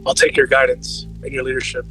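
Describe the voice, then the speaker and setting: Bright, flat-voiced man playing his character. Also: mid-range voice, brisk, faint music behind, poor audio. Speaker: player. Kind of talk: in-character roleplay.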